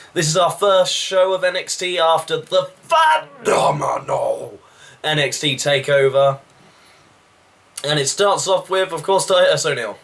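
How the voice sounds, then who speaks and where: A man recapping a wrestling show in a casual, rambling review with quick asides. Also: on the high side, a bit bright.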